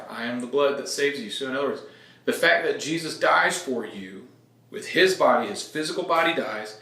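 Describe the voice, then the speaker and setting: A man's voice: mid-range voice, fairly bright tone. A middle-aged man, a pastor, walking through scripture in a casual, explanatory teaching style and often checking in with his listeners. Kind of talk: conversational Bible teaching. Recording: echoey room.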